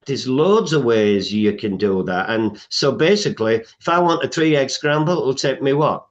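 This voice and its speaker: A man's voice: medium pitch, animated, moderate pace, dull audio. A man speaking as a health coach guest in a podcast interview, emphatic, listing things off, with frequent "uh" fillers.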